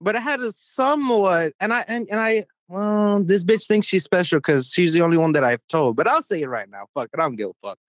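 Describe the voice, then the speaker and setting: A man's voice: high voice, lively intonation, a little fast, hardly any pauses, no echo. A young man co-hosting a casual podcast, telling stories in a profane, rambling way with jumpy emphasis. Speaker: podcast co-host. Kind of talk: casual crude podcast banter.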